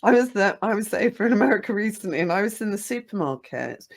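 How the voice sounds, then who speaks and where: A woman with a South London accent hosts a relaxed chat, speaking with enthusiasm. Her voice swings widely up and down in pitch, lively and expressive. She leans into warm, conversational asides. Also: fast talker, a loud crowd. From Britain. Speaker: host. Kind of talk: casual interview chat.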